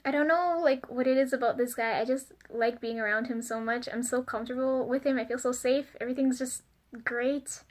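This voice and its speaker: Giggly young woman with a high voice. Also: steady tone, brisk. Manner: chatty, giggly, lots of fillers like "like" and "um"; flustered and self-conscious. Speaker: vlogger. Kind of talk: casual confessional vlog.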